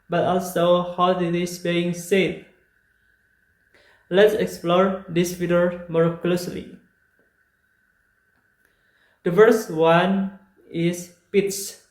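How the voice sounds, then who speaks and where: Young guy reading class notes, slow and flat, echoey room. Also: high-pitched. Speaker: student presenter. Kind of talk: class presentation.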